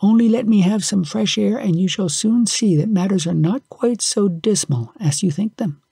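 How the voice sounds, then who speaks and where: A man's voice: sits high, moderate pace, creaky, dark tone, husky, dry recording, clean studio sound, voice pushed up, full character voice. A man voicing a cheerful little female fairy spirit with a coaxing, playful way of speaking.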